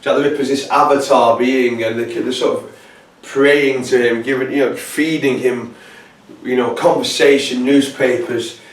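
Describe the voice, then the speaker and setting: A man giving a casual, rambling lecture to camera, halting often with fillers. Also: medium pitch, steady tone. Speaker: presenter. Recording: roomy echo, distant mic.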